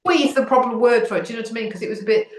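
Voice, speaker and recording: A woman's voice: on the high side, very fast. A woman co-hosting a podcast, chatting casually and checking in often with "do you know what I mean". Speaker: podcast co-host. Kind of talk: casual chat. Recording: roomy echo.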